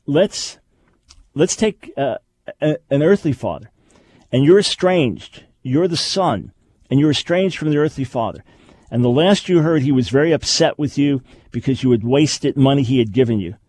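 A man's voice: medium pitch, a little mellow, no room sound. Emphatic male radio host, dry sound. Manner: emphatic, repeats key phrases. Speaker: radio talk show host. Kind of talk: radio teaching talk.

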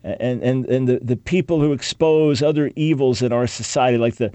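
A man's voice: mid-range voice, a little fast, mellow, no echo. A man hosting a radio talk show, giving sarcastic commentary with mock gasps and frequent restarts.

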